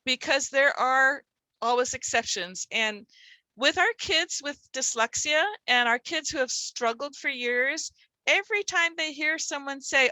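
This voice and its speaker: A woman's voice: sits high, lively intonation, moderate pace, bright, forceful tone, dry recording, poor audio. A middle-aged woman leading a teaching workshop, explaining in a conversational way with rhetorical questions. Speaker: literacy teacher trainer.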